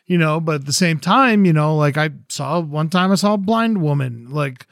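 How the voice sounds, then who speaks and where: A young man co-hosting a podcast, chatting casually in a rambling way, swearing often and trailing off quietly. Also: on the high side, animated, normal speed, dry recording, studio quality. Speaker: podcast co-host. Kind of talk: casual chat.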